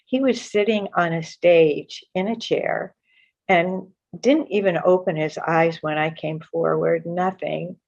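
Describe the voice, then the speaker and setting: An older woman sharing a personal spiritual story in an earnest, halting way, often repeating words as she restarts. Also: fairly low pitch, creaky, a little mellow. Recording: muffled lo-fi sound.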